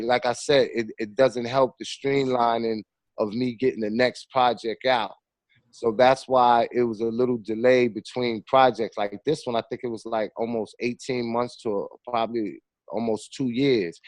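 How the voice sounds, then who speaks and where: Animated man telling street stories. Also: medium pitch, no echo. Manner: animated storyteller with street slang. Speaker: filmmaker guest. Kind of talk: casual conversation.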